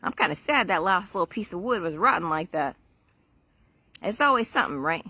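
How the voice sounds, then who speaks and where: A woman's voice: on the low side, lively intonation, fairly quick, sharp tone, slightly rough, no room sound. A middle-aged woman chatting casually on a garden livestream, rambling and laughing often, recorded outdoors on a phone.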